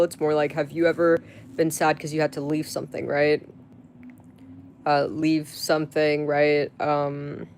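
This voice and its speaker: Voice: mid-range voice, a little mellow, slight background noise. A live streamer chatting casually to viewers, rambling with many fillers and restarts, swearing freely. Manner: crude, profane outbursts at chat.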